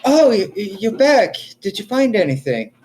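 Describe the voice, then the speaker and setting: Nervous squeaky clerk guy, stammers a lot, a man putting it on. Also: big pitch swings, moderate pace, a little mellow. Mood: flustered. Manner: stammering, high-pitched.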